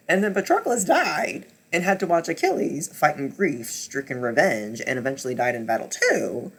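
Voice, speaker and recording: In a casual book wrap-up vlog, a male reviewer dramatically recounts the books he read, swearing and repeating himself as he gets worked up. He swings between low muttering and loud near-shouting.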